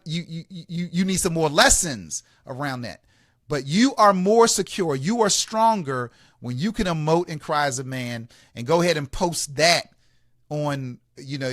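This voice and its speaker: A man with a high voice hosts a radio advice program, preaching with emphasis and laughing between points. He often repeats words as he builds up steam. The studio sound is dry and close. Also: fairly bright tone, no room sound. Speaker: radio show host, relationship coach.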